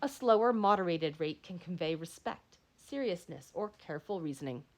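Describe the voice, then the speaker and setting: Woman instructor, read-aloud lecture, expressive pitch, self-correcting. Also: moderate pace. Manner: reads aloud with frequent slips and self-corrections. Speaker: instructor reading a textbook chapter.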